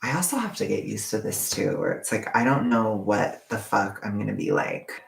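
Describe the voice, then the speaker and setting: A man's voice: fairly low pitch, moderate pace, vocal fry. A young man chatting casually to his viewers in a campy, talkative way with frequent swearing and asides. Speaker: vlogger. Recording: echoey room.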